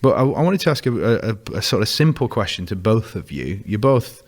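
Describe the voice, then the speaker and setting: A man's voice: on the low side, sing-song, normal speed. A man hosting a radio show, chatting casually with his guests and often restarting his sentences. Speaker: radio host. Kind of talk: casual chat. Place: radio studio.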